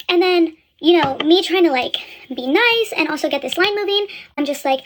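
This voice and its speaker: The young woman, a retail store employee, has a high voice and a fast delivery. She tells her story frankly and casually, with lots of filler words and some profanity.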